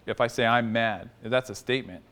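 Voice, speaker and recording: A man teaching a small group in a relaxed, conversational way, asking them questions and joking now and then. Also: mid-range voice, a little fast. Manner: conversational, quizzes the audience, jokes lightly. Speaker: workshop teacher.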